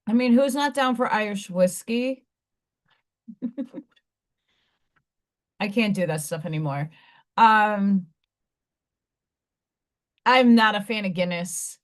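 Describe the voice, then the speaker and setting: Her voice sits on the high side with lively intonation, and she talks slowly with frequent pauses. A middle-aged livestream host, she rambles casually with her audience and welcomes viewers individually by name.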